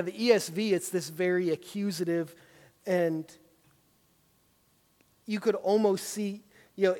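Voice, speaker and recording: A man's voice: high voice, a little mellow, in a large hall. A man leading a Bible study class, talking conversationally with many fillers. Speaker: class teacher.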